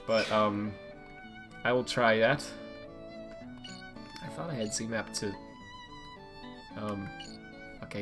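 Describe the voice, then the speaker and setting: A young man streaming a video game, chatting casually with lots of fillers and restarts as he plays. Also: medium pitch. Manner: rambling, filler-heavy, self-correcting. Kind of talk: casual gameplay commentary.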